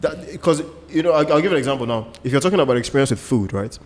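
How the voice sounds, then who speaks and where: A man's voice: mid-range voice, lively intonation, quick pace. Man musing in a reverberant room. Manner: explains with examples and asides. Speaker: co-host. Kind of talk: casual podcast chat.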